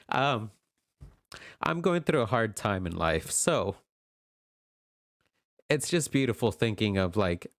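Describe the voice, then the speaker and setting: A man giving a gentle, affirming pick-a-card tarot reading, tearful and emotional as he talks. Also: fairly low pitch, lively intonation, takes it slowly, pauses often, no echo, studio quality. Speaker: tarot reader.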